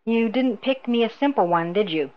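A woman's voice: on the high side, lively intonation, moderate pace, lightly acted. A woman voicing a shrewd, half-mad old woman who speaks in a sly, mocking, knowing way, in a storybook reading. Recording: dull lo-fi recording.

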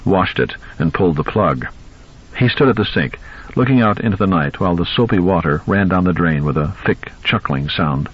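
Deep husky male narrator. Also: dull audio. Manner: expressive, measured reading. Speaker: audiobook narrator. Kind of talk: scripted narration.

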